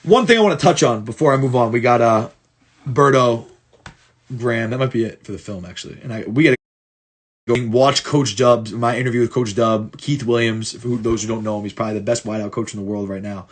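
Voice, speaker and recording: Man, football coach, husky voice, casual film breakdown, blunt, swears, repeats himself. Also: medium pitch, a little fast. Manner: blunt and profane, many restarts.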